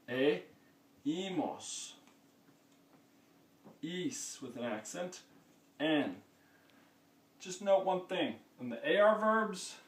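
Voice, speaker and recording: A man teaching a lesson, explaining patiently step by step and often checking in with "okay?". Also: medium pitch. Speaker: Spanish teacher. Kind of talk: classroom-style lesson. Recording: echoey room, mic far off.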